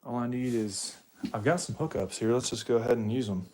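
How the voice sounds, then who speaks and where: A man's voice: medium pitch, fairly quick, a little mellow, slight background noise. A young man from Ohio chatting casually and profanely to his livestream viewers while setting up gear. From Ohio, United States. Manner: rambling, profane, addresses viewers as dude. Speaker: livestream host.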